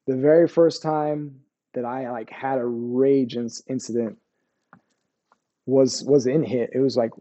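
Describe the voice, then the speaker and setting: Man, 40s, veteran interview guest; low-key dark tone, loose profane storytelling. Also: fairly even intonation, unhurried, lo-fi sound. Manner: profane, rambling, keeps asking "you know what I mean".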